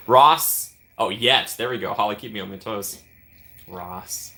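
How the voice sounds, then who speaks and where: A man's voice: on the low side, takes it slowly, pauses often, pushed and bright. A man hosting a casual livestream, rambling and chatty, laughing often and thanking viewers by name. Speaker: livestream host.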